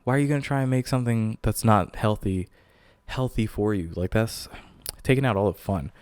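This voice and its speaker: A young man hosting a podcast, talking casually in animated, incredulous, jokey rants to his listeners. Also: fairly low pitch, fairly quick, clean tone, dry recording. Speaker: podcast host.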